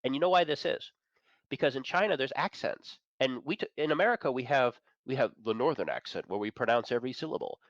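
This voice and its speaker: A man's voice: mid-range voice, expressive, quick pace, no room sound, dull audio. A man chatting as a guest on a talk show, enthusiastic and opinionated, chuckling between points. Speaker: guest, managing editor of an entertainment and tech site. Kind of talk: casual chat.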